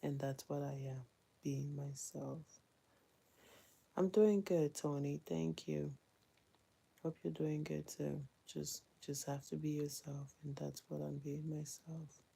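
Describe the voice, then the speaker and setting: A mother vlogs casually while doing housework, candid and chatty, often breaking into laughter. Her voice sits low and gravelly. It has a dark, husky tone. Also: steady tone, takes it slowly. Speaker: mother vlogger.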